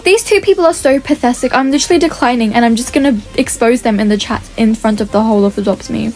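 Chatty higher-voiced woman game commentator. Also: fast, darkish tone, faint music behind. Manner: chatty, reads out players' chat messages. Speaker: gaming channel host. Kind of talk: gameplay commentary.

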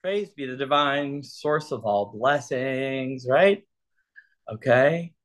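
A man's voice: medium pitch, slow pace. A man leading a casual Torah study, chatty and loose, who keeps checking in with his listeners.

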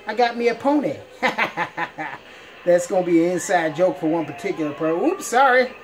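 Laid-back man, lively gaming chatter. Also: sits high, normal speed. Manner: playful, laughs often, folksy drawl-like phrasing. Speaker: gamer. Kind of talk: let's-play game commentary.

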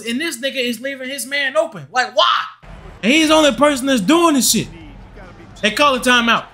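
Profane, ranting bright-voiced young man. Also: very high voice, fairly quick. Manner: profane, frustrated ranting at the game. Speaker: gaming channel host. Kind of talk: gameplay commentary.

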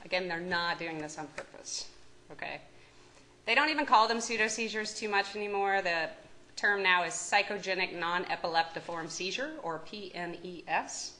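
A woman's voice: on the low side, sharp tone, a little hiss or hum, low-quality recording. A woman with a Kentucky accent giving a medical lecture as a psychiatry professor, talking conversationally, joking and asking the audience questions. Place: lecture room.

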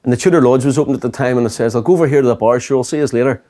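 A man's voice: medium pitch, racing, dark tone. A pastor telling his life story as an earnest personal testimony. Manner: earnest storytelling, quoting himself and others.

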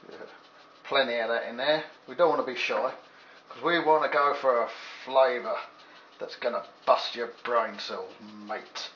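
In a steady, fairly bright mid-range voice, a little on the slow side, this English home cook runs through a casual, joking kitchen demo. He rambles to the viewer in asides along the way, while faint hiss sits under the echoey, dull lo-fi recording.

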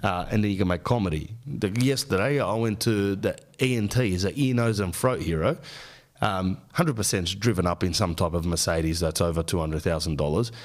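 A man's voice: low-pitched, normal speed. A man in his thirties with an Australian accent, telling rambling, profane comic stories as a podcast host. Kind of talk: casual comic monologue.

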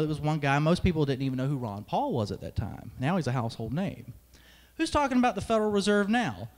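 A young man giving an emphatic political speech at a conference, with sarcastic asides. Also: fairly high pitch. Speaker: conference speaker, radio host. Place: large hall. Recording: long hall reverb.

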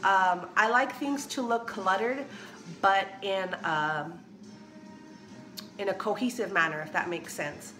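A woman's voice: medium pitch, slow, a bit bright. Young woman rambling on about her stuff, lots of ums, echoey kitchen, faint music behind. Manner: chatty, rambling with many fillers and restarts. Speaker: vlogger. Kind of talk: casual show-and-tell vlog. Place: small kitchen at home. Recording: echoey home room.

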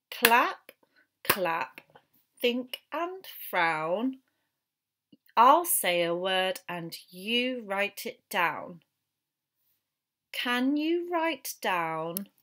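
Woman, teacher, phonics lesson, very slow, sounds out each letter. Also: mid-range voice, a bit bright, a little hiss or hum. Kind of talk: phonics lesson for young children.

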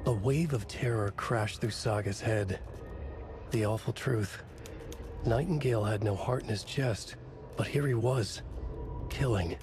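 An actor giving measured, brooding noir narration in short fragmented phrases for a video game. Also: male voice, fairly low pitch, noisy background, lightly acted. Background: game music.

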